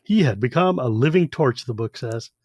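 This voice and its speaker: A podcast co-host, animatedly retelling a novel and acting out its voices. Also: male voice, mid-range voice, lively intonation, normal speed, a little mellow, husky, dry recording, dull audio. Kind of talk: casual chat.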